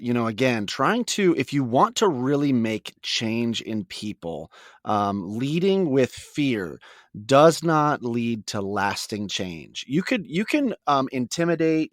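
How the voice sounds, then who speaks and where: A man's voice: mid-range voice, no echo, clean studio sound. A man co-hosting a casual faith podcast, agreeable and reflective, laughing easily. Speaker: podcast co-host.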